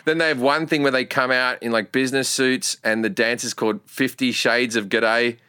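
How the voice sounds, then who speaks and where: A man with an Australian accent, a comedian telling animated stories with acted-out shouts in a casual podcast chat. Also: mid-range voice, moderate pace, clean tone, no echo, clean studio sound. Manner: animated storytelling, swearing, acting out crowd shouts. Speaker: guest comedian.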